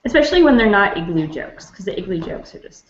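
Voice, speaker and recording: A woman's voice: mid-range voice, sing-song, fast, a little hiss or hum. A woman from Canada, a book club member telling anecdotes with laughter, on a lo-fi roomy recording. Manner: laughing, storytelling. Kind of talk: casual chat.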